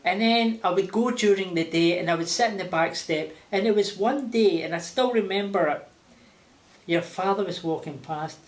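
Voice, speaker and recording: An older man with a Glaswegian accent, telling lively stories with laughter as an interview guest. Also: high voice, normal speed. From Scotland. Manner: animated, laughing, acting out voices. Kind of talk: casual storytelling. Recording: roomy echo.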